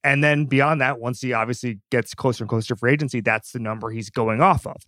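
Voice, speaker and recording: A man's voice: medium pitch, steady tone, fast, fairly bright tone, dry recording. A man hosting a sports podcast, talking casually and emphatically with frequent restarts. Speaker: podcast host.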